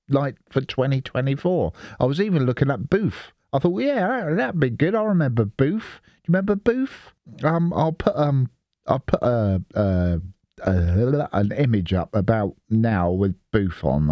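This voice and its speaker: A man's voice: fairly low pitch, dark tone, dry recording, clean studio sound. A middle-aged man from the Isle of Wight, chatting in a rambling way and swearing freely while he records his screen. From Isle of Wight, England. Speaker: Linux video host. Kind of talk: casual screen-recording commentary.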